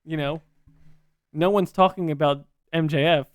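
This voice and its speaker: A man with a fairly high, smooth, clear voice, co-hosting a podcast chat about wrestling. He rambles, jokes and gets excitable as he talks. The sound is dry and close. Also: normal speed, no echo. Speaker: podcast co-host.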